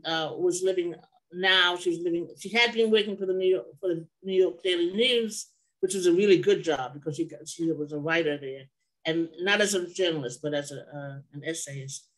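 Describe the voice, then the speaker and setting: A woman's voice: on the low side, a bit bright, rough recording. An older woman sharing memories as an interview guest, rambling and digressing, often stopping to correct herself. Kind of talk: oral history storytelling.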